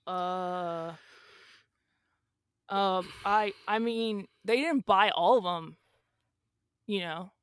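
A woman's voice: mid-range voice, drawn-out words, long pauses. A woman playing a young, rich, airheaded male influencer who talks in a slangy, rambling, defensive drawl as a guest on a comedy podcast. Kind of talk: improvised comedy podcast sketch.

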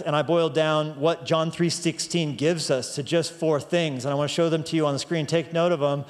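A man's voice: fairly high pitch, long reverb tail. A man preaching a sermon as pastor, emphatic, stretching out key phrases for weight.

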